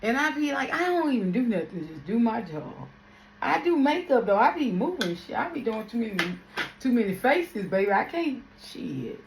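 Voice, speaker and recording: A woman's voice: fairly high pitch, sing-song, normal speed, roomy sound, slight background noise. A young woman from Louisiana, chatting casually to her viewers in a slangy, laughing vlog. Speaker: makeup artist vlogger.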